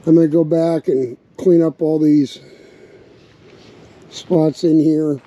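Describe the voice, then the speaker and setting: Mellow-voiced man vlogging outdoors. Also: on the high side. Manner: relaxed, unhurried, thinking aloud. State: slightly hoarse bark. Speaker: RV vlogger building a truck tank. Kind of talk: casual workshop vlog narration. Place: outdoors at a windy campsite. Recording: dull lo-fi outdoor recording with wind noise.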